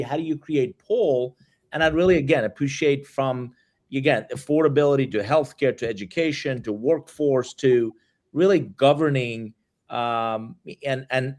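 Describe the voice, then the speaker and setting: A man's voice: medium pitch, darkish tone. A man hosting an interview, giving encouraging remarks and asking long questions that he restarts several times. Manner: affirming, rambling questions with restarts. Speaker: interview host. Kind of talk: conversational interview.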